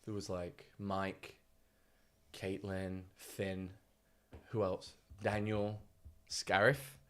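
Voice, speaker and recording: A man co-hosting a podcast, telling stories in a casual, animated way, often mimicking other people's voices and laughing as he talks. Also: low voice, extremely slow. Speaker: podcast co-host. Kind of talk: casual storytelling chat.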